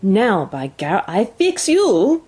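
A reader voicing an excitable French-Canadian male dog driver in a storybook, with a thick dialect and a boastful, shouting delivery. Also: medium pitch, slow pace, husky, voice pushed up, heavily acted. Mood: angry.

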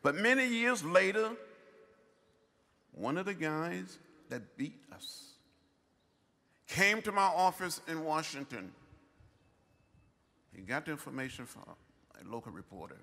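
A man in his seventies giving a commencement address in slow, emphatic, measured phrases. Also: a little high, expressive, gravelly, sharp tone. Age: 70s. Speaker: commencement speaker. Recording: long hall reverb.

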